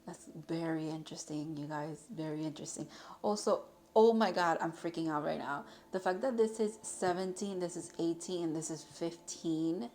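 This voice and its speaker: A woman's voice: low voice, steady tone, moderate pace, few pauses, a little mellow. A young woman giving a casual tarot reading to her viewers, rambling and chatty with many fillers and restarts. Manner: chatty, rambling, with frequent fillers and self-corrections. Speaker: tarot reader.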